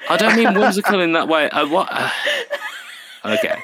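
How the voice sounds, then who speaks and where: A man's voice: sits high, animated, moderate pace, a crowd in the background. Hesitant man with a Birmingham accent. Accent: Birmingham English. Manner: hesitant, full of restarts. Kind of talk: casual podcast chat.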